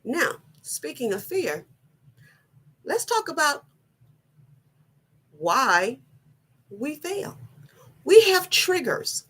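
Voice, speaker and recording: A middle-aged woman giving a personal motivational talk, slow, earnest and deliberate, often repeating her phrasing. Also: high-pitched, very animated, a bit bright. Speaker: wellness vlogger.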